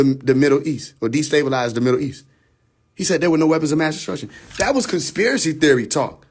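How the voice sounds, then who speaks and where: A man hosting a livestream, ranting casually with heavy profanity and frequent laughter, talking into a phone. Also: a little high. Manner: profane, laughs often, animated. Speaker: livestream host.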